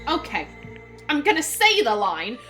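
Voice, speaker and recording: Exasperated high-voiced woman commenting on a game. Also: measured pace, faint music behind. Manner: exasperated, expressive, swears often. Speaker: let's play host.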